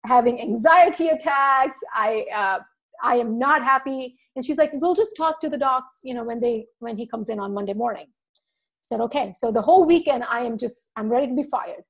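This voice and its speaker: A woman podcast guest telling an animated story, acting out quotes and laughing often. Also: fairly high pitch, normal speed. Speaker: podcast guest, marketing speaker.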